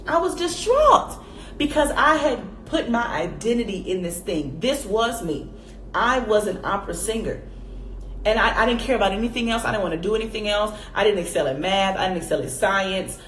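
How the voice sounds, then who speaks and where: A woman in her twenties telling a personal faith story straight to her viewers, calling them y'all and acting out her own past reactions in a high voice. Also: fairly bright tone. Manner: addresses viewers directly as y'all. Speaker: faith vlogger. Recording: echoey room with faint background noise.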